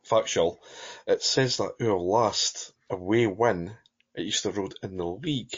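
A Scottish man with a low, husky voice talks through a football podcast. He rambles and circles back with fillers. The audio is dull and lo-fi. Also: unhurried. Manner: rambling, many fillers and restarts, chuckling. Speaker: podcast co-host. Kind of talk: casual football chat.

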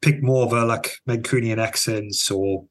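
A man's voice: lowish voice, fairly even intonation, moderate pace. A man with a South African accent, co-hosting a casual podcast chat, musing aloud and often restarting his sentences. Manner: thoughtful, restarts and trails off. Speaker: podcast co-host.

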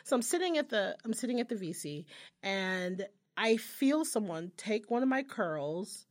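A woman's voice: mid-range voice, very animated, measured pace. A young adult woman co-hosting a casual chat, telling a story with a lot of profanity and acting out the people she quotes. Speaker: podcast co-host.

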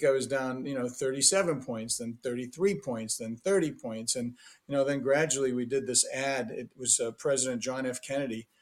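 Older man, mid-pitched voice, rambling storyteller, podcast guest. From Massachusetts, USA. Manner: rambling, anecdotal, frequent restarts. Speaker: podcast guest, former senator and ambassador. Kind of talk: casual storytelling interview.

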